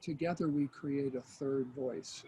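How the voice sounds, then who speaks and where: An older man, a mediator, speaking as a guest in an interview in a thoughtful, measured way. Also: mid-range voice, fairly even intonation, dark tone, a little hiss or hum, poor audio. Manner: thoughtful, measured, with frequent fillers. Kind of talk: conversational interview.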